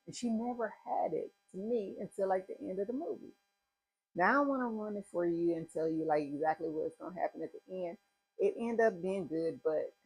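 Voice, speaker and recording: A woman's voice: low voice, gravelly, darkish tone, husky, low-quality recording. A woman vlogger giving a rambling, chatty movie review in a casual talking style. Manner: chatty, rambling retelling with asides. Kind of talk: casual chat.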